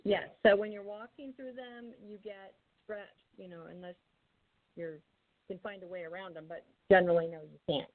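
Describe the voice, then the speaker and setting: A woman's voice: medium pitch, fairly even intonation, moderate pace. A woman paranormal investigator telling a story in a rambling way, with many ums and restarts. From Arizona. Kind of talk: casual interview storytelling. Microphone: remote call mic, drifting off-mic. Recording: tinny phone-like call line.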